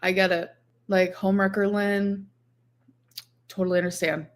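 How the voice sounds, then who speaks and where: A woman's voice: medium pitch, little pitch movement, normal speed. A woman talking casually on a livestream, rambling with lots of filler words.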